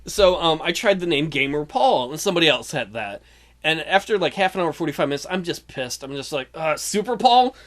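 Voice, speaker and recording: A man with a slightly high voice co-hosting a gaming podcast. He tells stories in a relaxed, easygoing way and pokes fun at himself. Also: a little fast. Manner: easygoing, self-deprecating storytelling. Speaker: podcast co-host. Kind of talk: casual podcast chat.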